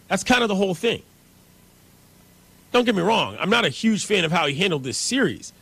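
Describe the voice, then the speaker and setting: High-voiced, opinionated radio host. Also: male voice, fairly bright tone, no echo. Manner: brisk, opinionated. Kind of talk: sports talk radio.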